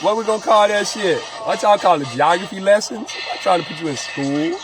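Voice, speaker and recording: A man's voice: high voice, fairly quick. A man hosting a podcast, rambling loosely with heavy swearing and frequent laughs, recorded on a phone. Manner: loose, heavily profane, laughing often. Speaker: podcast host. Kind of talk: profane rambling podcast monologue. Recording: phone recording with music behind. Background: music playing.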